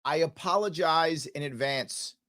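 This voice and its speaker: A man's voice: a little high, unhurried, bright, forceful tone. Stuffy-nosed man hosting talk radio. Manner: emphatic, rhetorical questions, sarcastic asides. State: stuffy nasal voice from allergies. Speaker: radio talk show host. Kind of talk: live talk radio monologue. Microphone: studio microphone.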